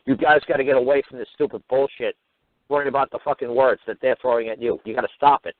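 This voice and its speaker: A man's voice: mid-range voice, fairly even intonation, fast, no room sound. A man hosting a radio talk show, ranting with crude, mocking, swear-filled talk. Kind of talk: profane ranting monologue. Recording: tinny phone-line radio audio.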